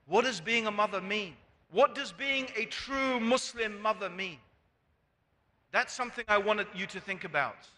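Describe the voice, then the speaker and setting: A man's voice: high voice, moderate pace, sharp tone. A man preaching a sermon, pressing the audience with rhetorical questions. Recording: long hall reverb.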